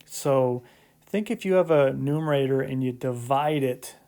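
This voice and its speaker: A man delivers a recorded math lesson in an easygoing, conversational way, talking through each step and checking in with the listener. His voice sits in a middle pitch range and has a warm, mellow color, and he drops in light jokes along the way. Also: measured pace, vocal fry. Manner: conversational, explains step by step with frequent "so" and "right?"; lightly joking asides. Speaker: math instructor. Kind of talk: recorded classroom lecture.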